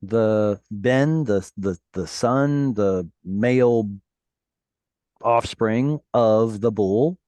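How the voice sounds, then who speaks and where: A man teaching a Hebrew class over a video call, patiently explaining words and reading verses slowly. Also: on the low side, dark tone, no echo.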